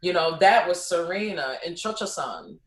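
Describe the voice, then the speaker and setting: A woman opera singer, a guest in a casual conversation, telling stories in an animated way with lots of "you know.". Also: lowish voice, normal speed, noisy background. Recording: roomy echo.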